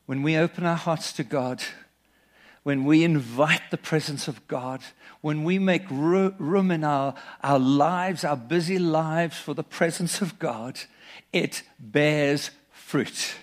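Middle-aged male pastor, earnest sermon delivery, voice sits a little high. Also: measured pace. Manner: earnest preaching, reads scripture aloud and tells personal stories.

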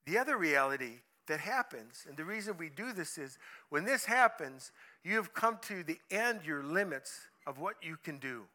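High, bright-voiced male preacher. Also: normal speed. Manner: animated storytelling, acts out voices, asks the audience questions. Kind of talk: sermon.

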